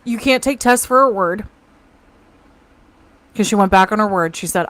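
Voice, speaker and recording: A woman's voice: medium pitch, a bit bright, dry recording. Chatty woman with a dry, close sound. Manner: chatty, quick asides, laughs easily. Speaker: co-host reading viewer comments. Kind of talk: casual live show chat. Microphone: home mic on a video call.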